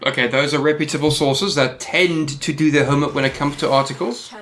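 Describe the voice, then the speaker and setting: Male podcast host, higher voice, teasing banter. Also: fairly even intonation, brisk, a bit bright. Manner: teasing, mock-outraged banter. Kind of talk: casual podcast chat.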